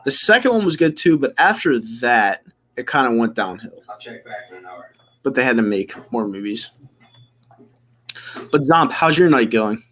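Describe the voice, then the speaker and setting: A man's voice: mid-range voice, sing-song, measured pace, long pauses, a bit bright. A man hosting a live stream, chatting casually and rambling with easy laughs. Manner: laid-back, rambling, laughs easily. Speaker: stream host.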